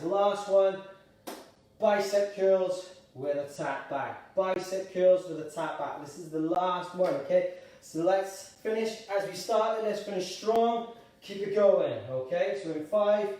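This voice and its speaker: A man leading a live gentle exercise class, upbeat and encouraging, calling out participants by name and a little out of breath. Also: sits high, recorded from a distance. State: slightly out of breath. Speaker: exercise instructor. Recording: echoey room, voice away from the mic.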